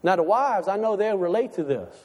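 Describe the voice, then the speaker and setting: High-voiced folksy preacher in a reverberant hall. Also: male voice, animated, a little fast, a little mellow. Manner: folksy, conversational preaching with rhetorical questions. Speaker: pastor. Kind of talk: sermon. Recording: long reverb of a large hall.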